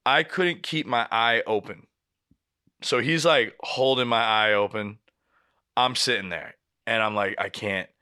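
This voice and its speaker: A young man on a podcast recounts a story in a casual, animated way. His voice is bright and forceful at a middle pitch. He swears freely and keeps acting out what everyone said. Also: unhurried, pauses often, smooth. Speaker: podcast host.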